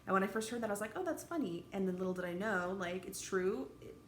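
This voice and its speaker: A woman in her thirties speaking directly to camera in a personal vlog, candid and halting, swearing freely and sounding emotionally raw. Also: mid-range voice, fairly even intonation. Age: 30s. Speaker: vlogger. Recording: roomy echo, faint ambient noise.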